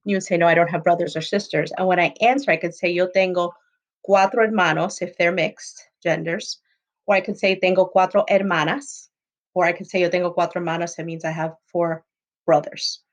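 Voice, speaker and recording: A woman's voice: fairly low pitch, poor audio. A woman teacher giving a recorded Spanish lesson, explaining patiently and moving between English and Spanish examples. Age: adult, not young.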